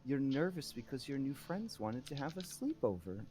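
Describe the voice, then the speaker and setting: A woman's voice: rumbling low, very animated, moderate pace, dark tone, faint music behind, voice pushed up. A man voicing a creepy, eccentric noblewoman who speaks in a vacant, dreamy way. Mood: airy, doting.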